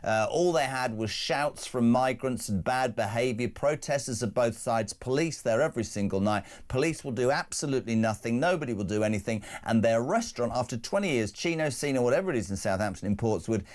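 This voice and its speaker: A man's voice: mid-range voice, animated, brisk, hardly any pauses. A man with an English accent hosting a breakfast talk show, blunt and indignant, with joking asides. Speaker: radio and TV breakfast show host. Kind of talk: opinionated talk radio chat.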